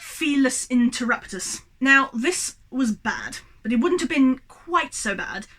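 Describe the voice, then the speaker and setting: Young woman ranting about a movie to her tripod cam, high voice, swears a lot, super worked up. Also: animated, unhurried, a bit bright. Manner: worked-up, exasperated, swearing freely. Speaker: movie reviewer. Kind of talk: animated ranting movie review. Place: home room with a tripod camera. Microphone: camera on tripod.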